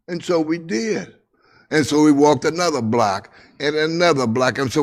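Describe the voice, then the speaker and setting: An older man telling a personal story from his childhood, with repeated phrases, dramatic pauses and a hushed voice at tender moments. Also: a little high, animated.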